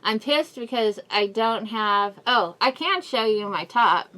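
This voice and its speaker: A woman's voice: on the high side, expressive, measured pace, bright, forceful tone. A middle-aged woman giving a casual personal update to her viewers, telling a rambling, emotional story with frequent laughs and sighs, speaking through a face mask. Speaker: vlogger.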